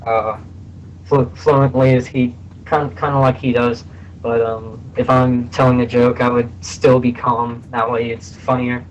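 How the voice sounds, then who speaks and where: A young man in a casual interview over a voice call, halting and full of restarts, his voice a bit hoarse. The sound is dull and lo-fi with a faint hiss behind him. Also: medium pitch. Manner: halting, many fillers and restarts. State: slightly hoarse, a little sick. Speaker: voice actor guest.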